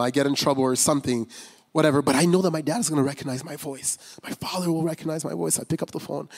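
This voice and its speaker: A man preaching a personal testimony as pastor, speaking candidly and conversationally with many fillers and restarts. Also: on the high side. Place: church sanctuary. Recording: long reverb of a large hall.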